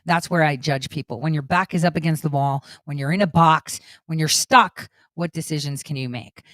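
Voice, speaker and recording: A woman's voice: low voice, a bit bright, no room sound. A woman hosting a political talk show, speaking in an earnest, conversational way with casual fillers.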